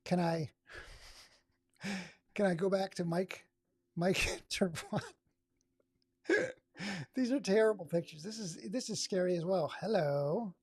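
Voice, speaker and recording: Gravelly, husky streamer man. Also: high-pitched, slow pace, long pauses, darkish tone, no echo, studio quality. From Oregon, USA. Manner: sarcastic, exasperated running commentary. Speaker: livestream host. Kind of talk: casual live-stream commentary.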